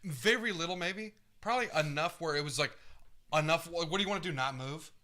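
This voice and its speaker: A man co-hosting a fight watch stream, chatting loudly and swearing with a friend. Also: fairly high pitch, fairly quick. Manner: loud, animated, swearing, jumps topics. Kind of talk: casual banter between friends.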